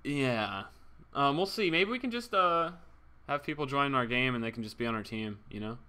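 A man's voice: mid-range voice, lively intonation, normal speed, pushed and bright, smooth. A young man streaming a game, chatting casually, joking around and thanking viewers. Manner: goofy, jokey, thanks viewers. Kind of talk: casual livestream chat.

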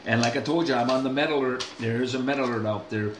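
An older male vlogger talks quickly in a steady, mid-range voice, rambling casually and folksily at his viewers with lots of restarts and asides. The recording picks up background noise, faint ambience and echo from the room.

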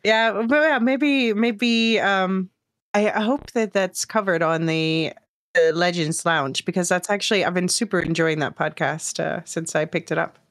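A woman's voice: fairly low pitch, measured pace, a bit bright. A woman hosting a podcast, chatty and explanatory, talking casually with a guest. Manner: chatty, explains terms, laughs easily. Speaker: podcast host.

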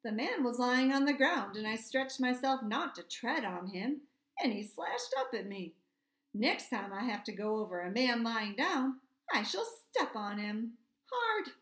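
A woman reading aloud plays a confident male troop horse in a storybook, a proud veteran who lectures earnestly. His voice sits on the high side, in a roomy space with a noticeable echo. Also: expressive, a little slow, a bit bright. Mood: matter-of-fact.

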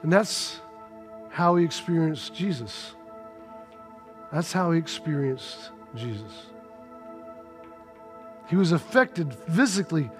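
A man preaching a sermon, retelling a story in an animated, conversational way. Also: sits high. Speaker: pastor.

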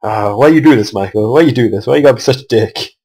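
A man's voice: medium pitch, fast talker, a little mellow, low-quality recording. A young man giving casual commentary on his own strategy game match, swearing often and venting at his opponent.

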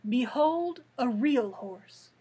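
A woman's voice: a little high, lively intonation, a little slow, slightly rough, exaggerated voice, low-quality recording. A woman voicing a boastful, haughty old male cab horse in a storybook read-aloud. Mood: indignant. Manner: haughty, demanding.

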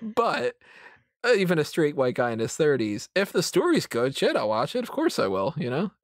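A man's voice: fairly high pitch, wildly swooping pitch, moderate pace, no echo, studio quality. A man in his thirties hosting a casual podcast roundtable, rambling and self-mocking, laughing often as he talks. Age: 30s. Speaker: podcast host.

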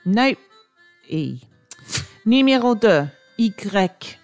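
A woman's voice: mid-range voice, sing-song, extremely slow, a little mellow, soft background music. A woman co-hosting a comedy podcast, teasing her partner in a playful, schoolteacherly way. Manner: teasing, quiz-mistress style. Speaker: podcast co-host. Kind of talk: casual comedic banter.

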